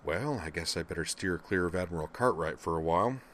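A man voicing a relaxed, wry young cadet captain who talks in a dry, understated way, in a storybook reading. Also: deep voice, a little fast, a little hiss or hum.

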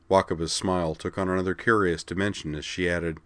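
A man narrating a story aloud in an even, measured way. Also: deep voice, dry recording. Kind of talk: audiobook narration.

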